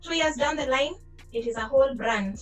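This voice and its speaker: A woman's voice: high-pitched, lively intonation, fast talker, fairly bright tone, faint music behind, rough recording. A young Kenyan woman on a panel, telling her career story openly and laughing easily. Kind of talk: online panel discussion. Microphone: video call.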